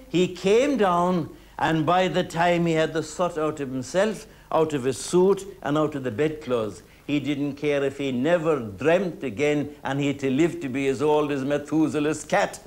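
A man's voice: on the high side, normal speed, few pauses. A man with an Irish accent telling a traditional folk tale in a lilting, humorous, rhythmic way. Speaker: storyteller. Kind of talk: traditional oral storytelling.

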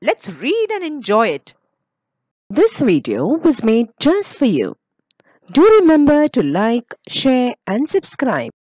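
Woman reading a kids' story, slow and sing-song, bright pitch, dry close sound. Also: dry recording. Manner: slow, expressive. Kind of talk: reading a children's story aloud.

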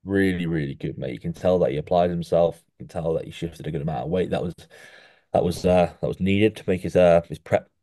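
A young man with a very deep, mellow voice chats casually as a podcast co-host and coaches in an animated way, ending nearly every line with "mate". The recording is dry and close, with no room sound. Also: fairly quick, no room sound. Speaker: podcast co-host rating physiques. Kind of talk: casual chat. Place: podcast studio.

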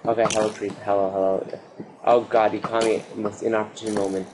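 Man, low voice, gaming commentary, excitable outbursts, noisy recording. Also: quick pace. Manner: excitable, yelling at mobs, frequent outbursts. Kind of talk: Minecraft let's play commentary.

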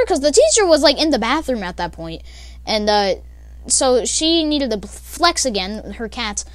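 A young woman rambles through a casual storytime, full of fillers and quick laughs. Her voice is high and bounces widely in pitch, and the recording is dry and close. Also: sing-song, no echo. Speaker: vlogger.

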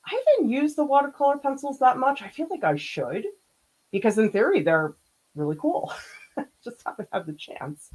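A woman's voice: fairly high pitch, big pitch swings, normal speed, a little mellow, breathy edge, rough recording. A woman art teacher chats away during a live painting stream. Her talk is casual and easygoing, with frequent laughs and comments to her viewers. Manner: chatty, laughs often, reads out viewer comments. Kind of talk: casual livestream chat while painting.

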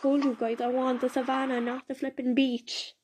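Excitable female gamer, high voice. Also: moderate pace, background noise. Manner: chatty and excitable, talking to viewers while playing. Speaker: gameplay video maker. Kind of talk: casual gameplay commentary. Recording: loud game music behind.

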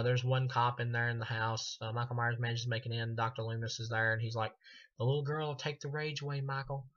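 A man giving a casual, rambling film review, swearing freely and filling pauses with ums and uhs. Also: mid-range voice, fairly bright tone, lo-fi sound.

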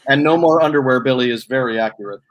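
A man's voice: medium pitch, fast. A man in casual chat, playful and teasing, stretching out each reveal. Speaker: guest presenter.

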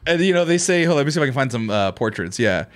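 A man's voice: medium pitch, racing. A man co-hosting a podcast in casual chat, telling a story with profanity and laughter. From California. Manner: animated storytelling, profane, laughing, voices people in quotes. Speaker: podcast co-host.

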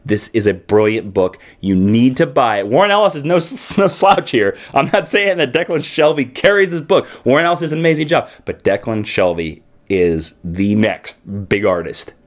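A man's voice: mid-range voice, sing-song, moderate pace, hardly any pauses. A man from Kansas who reviews comic books casually and enthusiastically, with swooping emphasis. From Kansas, United States.

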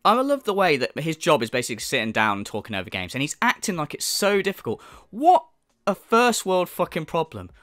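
A man's voice: on the high side, wildly swooping pitch, fairly quick, fairly bright tone, no echo, studio quality. A man ranting in sneering, profane commentary as a channel host.

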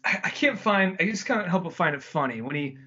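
A man co-hosting a podcast, casually recapping a movie and acting out scenes in quick mimicked voices. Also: sits high, lively intonation, sharp tone, breathy edge, dull audio. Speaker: podcast co-host.

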